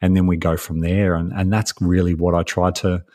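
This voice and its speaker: Australian male guest, very low voice, easygoing rambling delivery. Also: normal speed. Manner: relaxed, rambling with many fillers. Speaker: guest, life coach. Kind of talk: casual podcast interview. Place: home in Melbourne, remote call.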